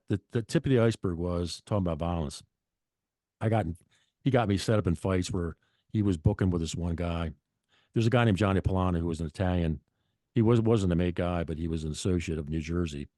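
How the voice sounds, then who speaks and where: A man's voice: deep voice, warm tone, no echo, studio quality. A middle-aged man guest telling stories in a blunt, profane, rambling way, often restarting his sentences. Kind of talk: casual storytelling.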